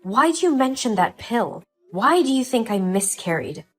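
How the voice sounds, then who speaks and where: A woman narrating a dramatized first-person story as a pregnant wife, talking in a calm, earnest, measured way. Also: on the high side, husky, soft background music.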